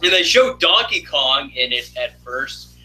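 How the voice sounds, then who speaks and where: Young guy streaming from his apartment, rambling and joking, bright voice, a bit high. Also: very animated, measured pace, a little hiss or hum, low-quality recording. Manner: rambling, joking, lots of fillers. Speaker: live stream host. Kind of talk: casual live-stream chat. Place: home apartment.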